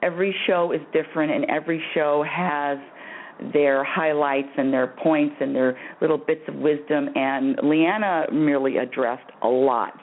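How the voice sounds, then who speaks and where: A woman hosting a call-in spiritual advice radio show, effusive and animated, often laughing and repeating her phrases. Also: low voice, moderate pace, slight background noise. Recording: tinny phone-line radio audio.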